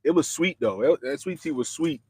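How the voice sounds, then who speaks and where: A man's voice: a little high, lively intonation, brisk, breathy edge, no room sound. A man hosting a casual livestream, talking straight to his viewers in loose, slangy everyday speech. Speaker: livestream host.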